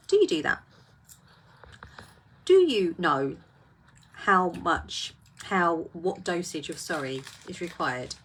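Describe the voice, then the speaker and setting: A woman's voice: fairly low pitch, fairly bright tone, a little hiss or hum. A woman hosting a casual live talk, reflective and full of rhetorical questions.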